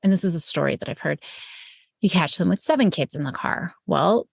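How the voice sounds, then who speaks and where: A woman's voice: on the low side, expressive, brisk, creaky, slightly rough, dry recording, studio quality. A woman in her forties co-hosting a parenting podcast in casual chat, candid and playful, explaining with examples. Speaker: podcast co-host.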